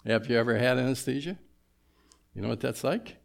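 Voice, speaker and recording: A man's voice: medium pitch, brisk, creaky. A man preaching a sermon in a church, conversational and sprinkled with humorous asides. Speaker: pastor.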